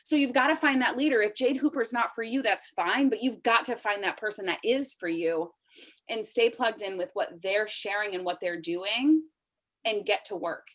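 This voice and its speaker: A woman's voice: mid-range voice, moderate pace, a bit bright. A woman in her thirties leading a sales team call, giving an emotional, urgent motivational pep talk over a video call. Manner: emotional, urgent, pleading with listeners.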